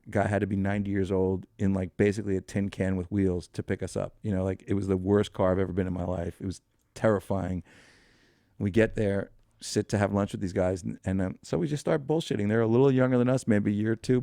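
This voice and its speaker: A man in his fifties spins a long anecdote as a podcast guest, slipping into the voices of the people he quotes and swearing freely. His voice sits low and gravelly, with a mellow, dark tone. The sound is close and dry. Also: dry recording. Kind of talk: casual storytelling.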